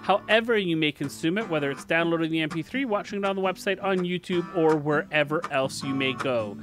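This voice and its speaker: A man's voice: fairly high pitch, brisk, music in the background. A man hosting a casual gaming podcast, friendly and upbeat as he explains and thanks listeners. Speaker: podcast host.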